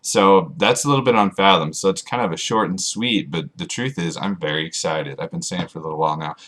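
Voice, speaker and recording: A man vlogging to his camera, rambling and joking at himself in a monotone way. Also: sits low, fast talker. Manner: self-mocking, rambling, jokey asides. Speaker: author vlogger. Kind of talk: rambling casual vlog to camera.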